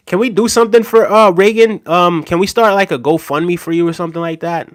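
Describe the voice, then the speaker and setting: A man's voice: sits high, a little fast, few pauses. A man hosting a livestream in a casual, unscripted way, talking to viewers with many fillers, repeated phrases and frequent checks of "right?". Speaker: livestream host reading viewer comments.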